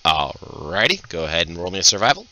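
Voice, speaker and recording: A man running a tabletop game as game master, joking and narrating quickly. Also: low voice, very animated, pushed and bright, no room sound.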